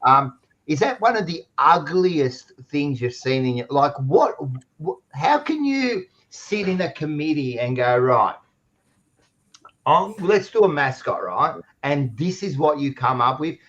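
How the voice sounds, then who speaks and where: A man's voice: fairly high pitch, lively intonation, unhurried, fairly bright tone, lo-fi sound. An Australian man hosting a casual sports podcast, rambling and blunt, often restarting his sentences. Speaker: podcast host.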